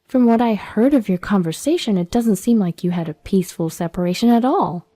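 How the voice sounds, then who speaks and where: A woman's voice: medium pitch, a little fast, dark tone, close to an everyday voice. A woman voicing a composed young woman who questions politely but pointedly. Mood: probing.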